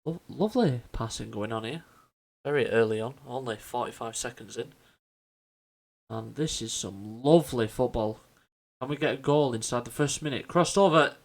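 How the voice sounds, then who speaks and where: Over footage of a football management game, a gaming YouTuber keeps up casual, chatty commentary, regularly tripping over names and fixing them. His voice is creaky and medium in pitch, at a normal speed.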